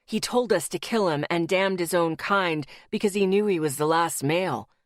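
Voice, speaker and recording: A gruff, guarded young werewolf man, as a woman narrator puts him on, speaking low and clipped with a growl behind the words. His voice sits deep for her, recorded close and dry for an audiobook. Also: normal speed, no echo, lightly acted. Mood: bitter. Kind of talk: audiobook character voice.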